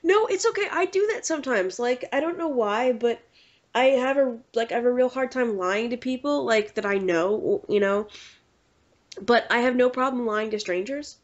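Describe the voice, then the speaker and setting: A woman hosting a podcast, telling rambling, animated stories in casual chat. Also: a little high. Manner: animated, rambling, quick to slip into quoted voices. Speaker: podcast host. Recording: dull lo-fi podcast audio.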